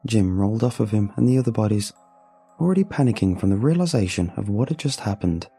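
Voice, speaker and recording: Low gravelly guy reading a creepy story, husky and dark, faint music under it. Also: expressive, quick pace. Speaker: narrator. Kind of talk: first-person horror story narration.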